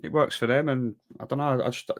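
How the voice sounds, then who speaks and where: A man's voice: medium pitch, fairly even intonation, a little fast, no echo, clean studio sound. A man co-hosting a football podcast, giving opinions in casual chat with many fillers and restarts. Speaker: podcast co-host.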